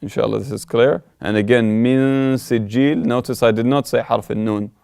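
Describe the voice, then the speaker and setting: A man teaches a recitation lesson in a smooth, resonant, mid-pitched voice. He is patient and methodical and repeats words to contrast the right and wrong sound. The sound is close and dry, with no room echo. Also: steady tone, fast talker, darkish tone. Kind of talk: tajweed lesson, explaining and demonstrating recitation.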